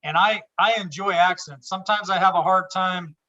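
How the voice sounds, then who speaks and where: A man's voice: high voice, steady tone, normal speed, bright, forceful tone, lo-fi sound. A man from Idaho hosting a video call chat, friendly and encouraging. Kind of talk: casual chat.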